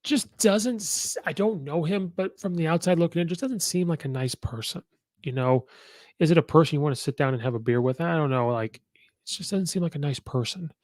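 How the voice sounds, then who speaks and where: A man's voice: on the high side, fairly quick, darkish tone, no echo, studio quality. A man hosting a podcast, giving casual, opinionated sports commentary and rattling off records with many fillers. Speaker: podcast host.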